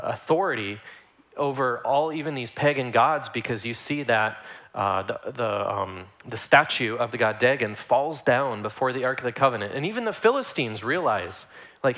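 A man with a bright, forward voice explains a Bible story earnestly and conversationally. He sometimes restarts his phrases as he thinks aloud. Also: mid-range voice. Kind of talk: casual church discussion.

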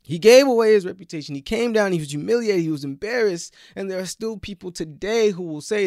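Male preacher, gravelly and fairly high, pleads loudly then drops to whispers, dry close sound. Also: a little fast, few pauses, no echo. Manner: impassioned, swings from loud pleading to hushed whispers. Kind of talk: sermon.

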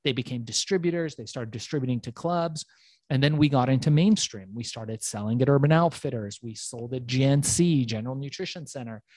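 A middle-aged man telling his story as an interview guest, animated and acting out dialogue, swearing freely. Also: mid-range voice, brisk, no room sound.

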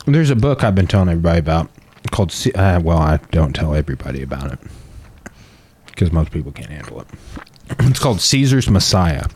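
A man's voice: sits low, very animated, brisk, darkish tone, slightly rough. A man chatting casually as a podcast co-host, joking and rambling, often slipping into mock voices. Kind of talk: casual chat.

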